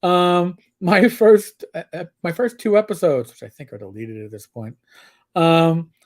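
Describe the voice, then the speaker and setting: A man's voice: on the high side, a little slow. An older man with a New York accent co-hosting a live stream, talking candidly in a rambling, swearing way. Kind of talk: casual live-stream chat.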